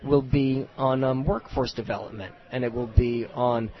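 Man talking animated with sarcastic asides. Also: medium pitch, moderate pace. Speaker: research director, guest. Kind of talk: casual radio interview talk. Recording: dull lo-fi radio audio.

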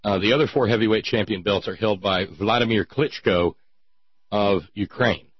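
A man's voice: lowish voice, normal speed, slightly rough, no room sound. An older man hosting a radio talk show, with a dry, wry and thoughtful manner. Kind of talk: casual radio chat. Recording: dull dry radio audio.

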